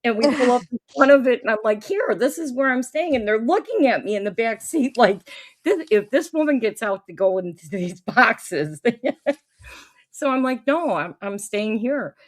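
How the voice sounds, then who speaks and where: A woman's voice: on the high side, expressive, moderate pace. Laughing woman telling a story. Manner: laughing often while telling an anecdote. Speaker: podcast host. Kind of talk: casual storytelling chat.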